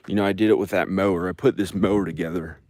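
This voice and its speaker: A man talking into his phone in a rambling personal vlog, halting and sighing with many restarts. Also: deep voice, fairly even intonation, darkish tone. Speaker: vlogger. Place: at home and outdoors in the country.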